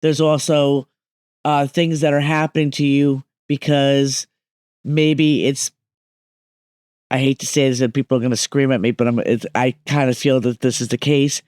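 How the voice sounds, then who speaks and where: A woman's voice: very deep voice, little pitch movement, moderate pace, darkish tone, dry recording, studio quality. A woman speaking as a medium guest on a podcast, explaining emphatically and often checking that listeners follow.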